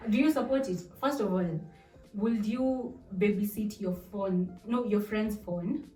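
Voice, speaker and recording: A woman's voice: mid-range voice, measured pace. A young woman in her twenties from Kenya hosting a casual relationship talk show, chatty, laughing often and asking her guest questions. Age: 20s. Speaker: podcast host. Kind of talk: casual chat. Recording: echoey room, distant mic, soft music.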